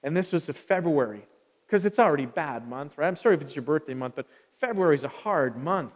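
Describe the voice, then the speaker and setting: This pastor's voice is fairly high-pitched and brisk, with lively intonation. He preaches a sermon in a conversational style, putting questions to the congregation. The recording, made in a church sanctuary, carries the long reverb of a large hall.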